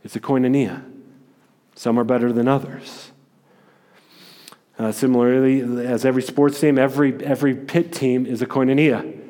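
A male pastor preaching a sermon in an energetic, emphatic way, often restarting his sentences. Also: medium pitch. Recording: long hall reverb.

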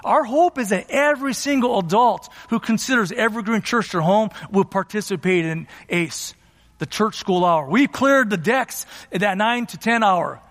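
A man's voice: high voice, animated, normal speed, fairly bright tone, big-room sound. A middle-aged man preaching a sermon as a pastor, emphatic and exhorting, often repeating his phrases. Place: church sanctuary.

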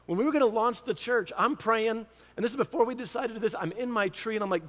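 A man's voice: high voice, racing, fairly bright tone, big-room sound. A man preaching a sermon as pastor, telling stories and acting out his own prayers.

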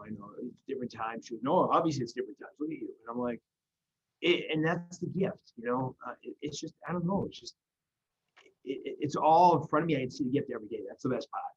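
A man's voice: medium pitch, breathy edge, dull audio. A man in casual conversation, talking earnestly about recovery and faith, rambling with restarts. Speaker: guest in recovery.

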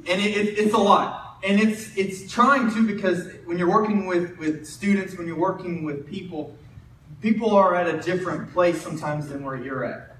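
A young man gives a relaxed sermon and tells stories as he goes, often stopping to restart a phrase. His voice sits high. The mic is some way off in a reverberant hall with faint room noise. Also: moderate pace. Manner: conversational, self-interrupting, animated storyteller. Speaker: preacher and high school football coach. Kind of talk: sermon with storytelling. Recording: roomy distant mic in a hall.

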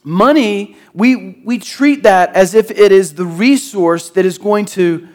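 A man's voice: sits high, takes it slowly, a little mellow. A middle-aged man from the Jacksonville, Florida area, preaching a sermon in a conversational, storytelling way and acting out voices in his anecdotes. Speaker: pastor.

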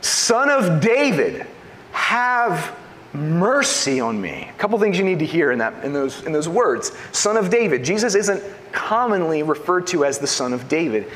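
A man preaching from the pulpit, his somewhat high voice leaping up and down as he pushes rhetorical questions at the congregation. He drops to a hush, then rises again for emphasis. A faint hiss of room ambience sits behind him. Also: normal speed, hardly any pauses. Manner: animated preaching, rhetorical questions, swings between loud and hushed. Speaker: pastor. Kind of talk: sermon.

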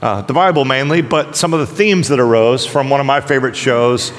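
Joking pastor in a reverberant hall. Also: male voice, mid-range voice, a little fast. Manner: conversational, joking, animated storytelling. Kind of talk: casual humorous sermon.

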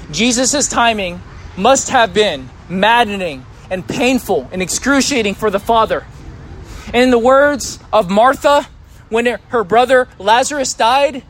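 High voiced guy preaching, chatty, keeps asking the church questions. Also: a bit bright, a little hiss or hum. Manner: conversational, asks the congregation questions. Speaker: pastor. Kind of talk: sermon.

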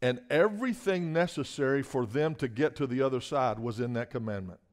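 A man with a medium-pitched voice preaches a little fast, trading quiet asides for loud, emphatic moments and calling for a response from the congregation.

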